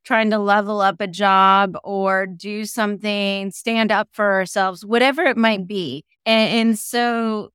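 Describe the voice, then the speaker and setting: Smooth-voiced, encouraging woman host. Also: mid-range voice, fairly even intonation, measured pace, few pauses, a bit bright, no echo, studio quality. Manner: reflective, encouraging, uses "like" and "right?". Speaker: podcast host. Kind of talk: conversational interview.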